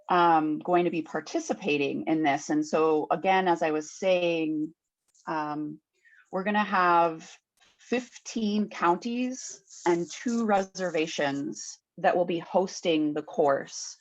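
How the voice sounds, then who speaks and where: A woman's voice: on the low side, lo-fi sound. A woman presenting a farming course on a video call over Bluetooth earbuds, chatty with lots of fillers. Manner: chatty, filler-heavy, loses her words. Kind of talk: online meeting presentation.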